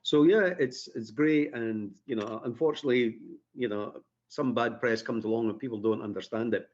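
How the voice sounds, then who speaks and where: A Scottish man chats as a radio guest, easygoing and self-deprecating, pausing on fillers as he spins stories. His voice sits mid-range, and the sound is slightly dull. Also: medium pitch. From Scotland. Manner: chatty, self-deprecating storyteller with many fillers. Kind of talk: radio interview.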